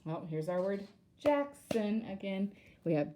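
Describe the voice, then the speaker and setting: A woman's voice: medium pitch, lively intonation, a little slow, background noise. A woman teacher leading a reading lesson for young children, sounding out words syllable by syllable.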